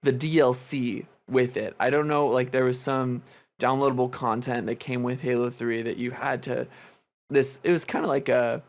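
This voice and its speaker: He's a man in his twenties co-hosting a podcast, talking in a loose and rambling way. He swears freely and sits at a middle pitch. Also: fairly even intonation, moderate pace. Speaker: podcast co-host. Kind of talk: casual chat.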